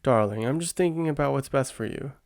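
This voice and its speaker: A man's voice: medium pitch, fairly quick, creaky, dry recording, clean studio sound, natural voice. A man voicing a stiff, disapproving older male king in a whispered role-play. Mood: dismissive.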